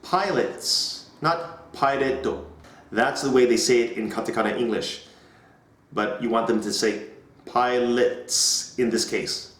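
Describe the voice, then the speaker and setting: A man demonstrating an English lesson, drilling words slowly and over-enunciating them as he would for his students. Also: mid-range voice, flat delivery. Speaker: English teacher. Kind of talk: teaching demonstration. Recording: echoey room.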